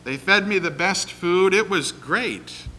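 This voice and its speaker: A man preaching, voicing a polite, friendly talking greyhound that once raced, with his pitch lifted. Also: expressive, slow, sharp tone, a little hiss or hum, exaggerated voice. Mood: cheerful. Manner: cheerful, courteous, finally rueful.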